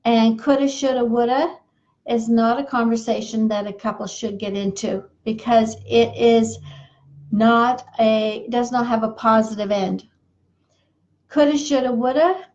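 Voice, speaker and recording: A woman's voice: a little high, steady tone, measured pace, a little mellow. Earnest woman marriage coach, dull recording. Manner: repetitive, earnest, folksy. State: losing her voice. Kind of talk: advice monologue.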